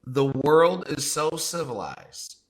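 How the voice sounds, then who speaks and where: A man's voice: fairly high pitch, animated, slow, poor audio. A man co-hosting a podcast, giving heated commentary in a blunt, profane way with a string of rhetorical questions. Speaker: podcast co-host.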